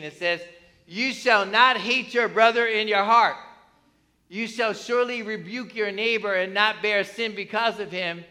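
A pastor preaches conversationally in a high, bright, forceful voice, putting questions to the congregation and ending many lines with "right?". The recording carries the long reverb of a church hall.

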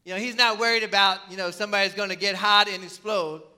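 A man's voice: high voice, steady tone, quick pace, sharp tone, clear, resonant tone. A man preaching a sermon in a conversational way, with rhetorical questions and asides to the congregation. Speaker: pastor.

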